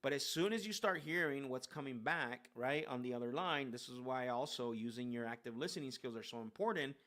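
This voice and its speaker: Rambling male sales coach at a mid-range pitch, casual and filler-heavy, restarts a lot. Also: fairly quick, a bit bright. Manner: rambling, filler-heavy, keeps asking "right?"; restarts sentences often. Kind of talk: casual live coaching talk.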